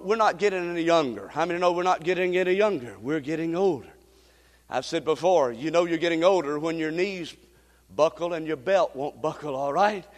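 A man preaching a sermon emphatically, repeating phrases and rising to shouts, recorded in a church sanctuary. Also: high-pitched. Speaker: pastor. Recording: long reverb in a large hall.

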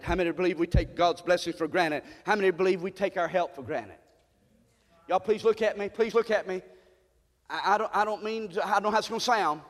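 High-voiced shouting preacher in reverberant hall. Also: male voice. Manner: swings from low murmurs to high shouted cries. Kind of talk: sermon. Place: church.

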